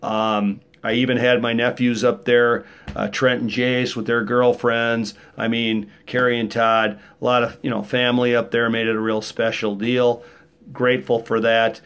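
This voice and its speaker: A man's voice: mid-range voice, flat delivery, normal speed, a bit bright. A middle-aged man, telling stories in a rambling, joking monologue. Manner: rambling, joking, rough-edged storytelling. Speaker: vlogger. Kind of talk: casual monologue.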